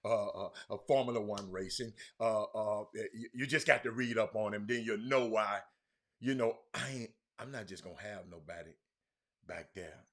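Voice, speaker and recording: A man's voice: fairly low pitch, normal speed, a bit bright. A man hosting a casual sports talk livestream, rambling with many restarts and calling out his viewers by name. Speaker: sports talk show host.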